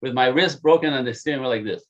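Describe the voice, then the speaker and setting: A man on a podcast telling the story of how he met his partner, animated and self-mocking, laughing often. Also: mid-range voice, fast, highs cut off, slight background noise.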